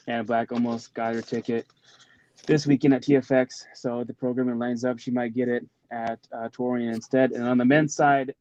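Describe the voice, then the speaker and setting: A man with a dark, mellow voice gives laid-back predictions and a bit of trash talk. His call audio is dry, dull and lo-fi. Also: medium pitch, dry recording. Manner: relaxed, trash-talking predictions. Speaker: podcast guest. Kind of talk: casual chat.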